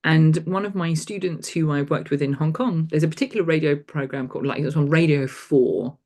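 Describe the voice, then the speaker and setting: A woman's voice: sits low, a little fast, a little mellow. A middle-aged woman from England, talking as an invited lecturer in a conversational interview, rambling with restarts and fillers. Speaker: guest lecturer.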